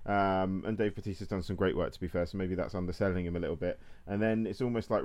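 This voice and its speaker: Man, film show co-host, lowish voice, self-deprecating, easy laughs, casual chat. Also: steady tone, quick pace, few pauses, a little mellow. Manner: self-deprecating, laughs easily, hesitant fillers.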